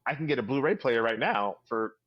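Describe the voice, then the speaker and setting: A man's voice: medium pitch, animated, fairly quick, breathy edge, dry recording, dull audio. A man co-hosting a podcast in casual chat, rambling and correcting himself. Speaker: podcast co-host.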